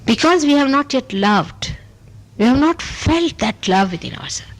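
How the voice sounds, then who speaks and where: On an old tape recording with poor audio, a spiritual teacher with an Indian accent gives a spontaneous talk, answering questions emphatically. She speaks at a measured pace, animated, her pitch rising on key points, using short repeated phrases and saying "you see" again and again.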